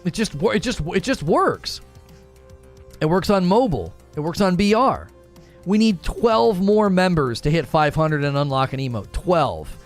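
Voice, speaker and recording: Chatty male streamer, higher voice. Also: animated, moderate pace, soft background music. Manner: rambling, joking, repeats himself. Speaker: gaming streamer host. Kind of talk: casual live-stream commentary.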